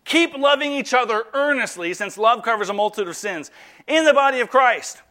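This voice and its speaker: A man preaching a sermon, animated, mixing light humor with earnest appeals about forgiveness. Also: very high voice, a little fast. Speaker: pastor.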